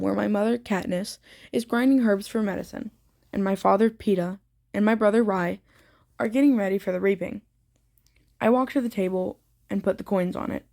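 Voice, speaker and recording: A woman's voice: medium pitch, creaky, mellow. A woman reading her own fan fiction aloud in the first person, with frequent slips and restarts.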